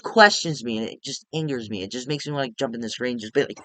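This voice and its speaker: A man giving a rambling, profane, animated casual movie review. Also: mid-range voice, quick pace, hardly any pauses, dry recording.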